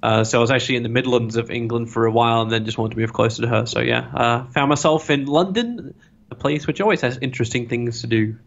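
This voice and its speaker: A man talks on a remote call, and the audio comes through dull and lo-fi. He rambles through stories in a playful, self-mocking way. His voice sits at an average pitch for a man. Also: quick pace, vocal fry. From Australia. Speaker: esports caster, interview guest. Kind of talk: casual interview chat. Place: his home in London.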